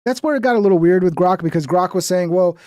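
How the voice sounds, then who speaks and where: A man's voice: high-pitched, fast talker, darkish tone, dry recording, clean studio sound. A man casually reacting to talk show clips, joking and swearing as he talks.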